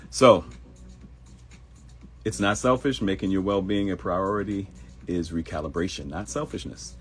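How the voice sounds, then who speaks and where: A man's voice: sits low, normal speed, husky, soft background music. A middle-aged man from Baltimore hosting a live talk show, chatty and storytelling, calling his listeners y'all. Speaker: host.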